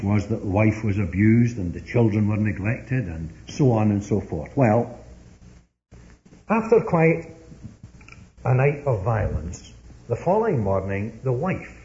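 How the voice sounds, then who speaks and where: A man's voice: fairly low pitch, warm tone. A man preaching a sermon, telling stories earnestly and pressing his points with rising emphasis. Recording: dull lo-fi sermon recording.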